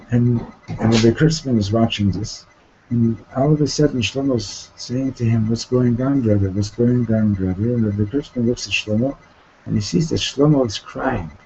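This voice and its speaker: Male teacher, mellow voice, storytelling lesson, stop-start delivery, muffled classroom recording. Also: medium pitch, creaky, slight background noise. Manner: halting, repeats words and restarts, asks "Okay? Right?".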